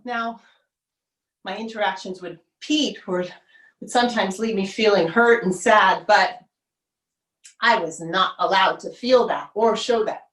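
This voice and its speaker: A woman performing an autobiographical stage monologue, measured and wry, pausing for effect. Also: medium pitch, a bit bright. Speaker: solo performer. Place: theater stage. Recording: roomy stage sound, mic far off.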